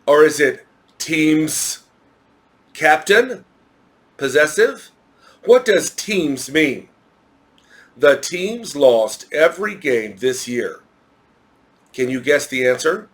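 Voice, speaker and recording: A man with an American accent walks through a grammar lesson at an unhurried, deliberate pace. He explains each point step by step and spells words out letter by letter for his students. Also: on the high side, big pitch swings. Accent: American English. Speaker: English teacher. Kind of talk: recorded English grammar lesson.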